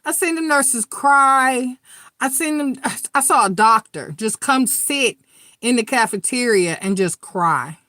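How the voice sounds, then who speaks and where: A woman's voice: a little high, animated, a little slow, bright, forceful tone, no echo. Middle-aged woman, tarot reader, candid and earnest, salty language, dry close sound. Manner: candid, earnest, swears freely, talks straight to viewers. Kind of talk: live tarot reading and open chat.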